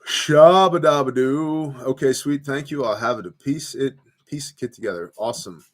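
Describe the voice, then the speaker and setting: A man's voice: mid-range voice, lively intonation, fairly quick, slightly rough. Laid-back man chatting on his porch. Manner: laid-back, rambling storyteller with fillers. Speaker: host of a prepper livestream. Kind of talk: casual livestream chat reading comments. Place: home porch, outdoors.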